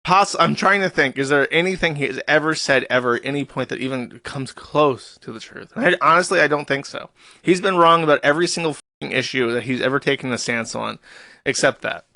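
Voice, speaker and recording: A man's voice: fairly high pitch, brisk, gravelly, bright, forceful tone, no echo. A man hosting a live stream, reading posts aloud and mocking them in a sarcastic, profane, mock-serious tone. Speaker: streamer host.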